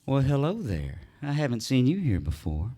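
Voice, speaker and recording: A man's voice: medium pitch, wildly swooping pitch, moderate pace, dark tone. A man voicing a brash, nosy woman at a bar, in a raised mock-female voice during a joke. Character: brash woman barfly, middle-aged, nosy.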